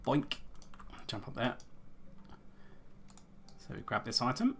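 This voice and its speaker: A man's voice: medium pitch, slow pace, vocal fry, slight background noise. A man hosting a let's play, chatting casually and mocking himself as he comments on the game. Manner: relaxed, self-mocking, with fillers.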